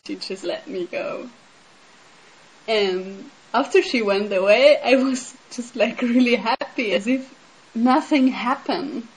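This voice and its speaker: On a rough recording with slight background noise, a Swiss woman speaks in a slightly high voice during a casual spiritual talk. Earnest and reflective, she shares her own experiences and insight, leaning often on "like" and "um".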